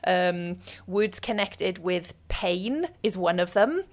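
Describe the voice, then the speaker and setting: A woman from the UK speaking as a linguist, explaining accents in a measured, expert way and repeating words for emphasis. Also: on the low side, expressive. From United Kingdom. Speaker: linguist guest. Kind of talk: explanatory podcast talk.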